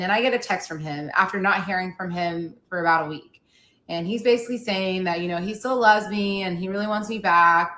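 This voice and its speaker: A woman's voice: mid-range voice, fairly bright tone, echoey room. A woman podcast host candidly retelling a personal story and acting out the quoted dialogue.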